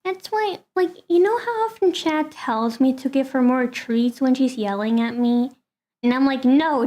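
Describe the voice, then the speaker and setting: A woman's voice: sits high, darkish tone. A woman streamer chatting casually with her viewers and talking fondly to her cat.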